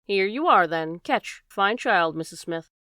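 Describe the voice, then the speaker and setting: A woman voicing a shrewd, calm gentleman detective in an audiobook reading, measured and crisp. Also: medium pitch, no echo, clean studio sound. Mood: coaxing.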